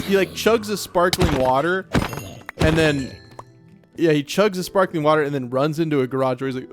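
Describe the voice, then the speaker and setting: A man's voice: fairly high pitch, moderate pace, over music. A man hosting a let's play, giving casual gameplay commentary in a chatty, nervous way as he talks to himself. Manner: chatty, nervous self-talk.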